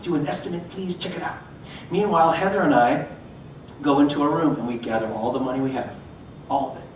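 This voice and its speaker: Heard from a distant mic in a reverberant hall, a middle-aged man gives a storytelling talk as a motivational speaker, lively and voicing each person in his tale. His pitch is a little high, with slight background noise.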